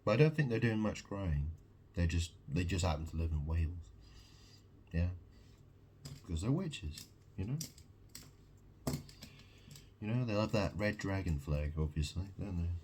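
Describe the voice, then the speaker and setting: A man's voice: low-pitched, animated, normal speed, long pauses, a little mellow, a little hiss or hum. A man delivering a rambling, agitated monologue to camera, preaching and repeating questions at the listener. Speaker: video monologue host.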